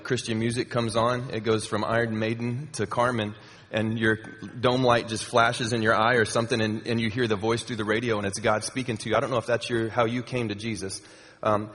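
Casual preacher in a reverberant church hall. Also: male voice, on the low side, a bit bright. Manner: conversational, with many fillers and repeats. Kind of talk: sermon. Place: church sanctuary.

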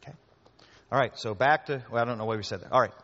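A man preaches a conversational sermon, often repeating his words and speaking straight to the crowd. His voice sits at a middle pitch and rings through a large, reverberant hall. The recording sounds a little dull and lo-fi. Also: fast, a bit bright. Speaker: pastor. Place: church hall before a congregation.

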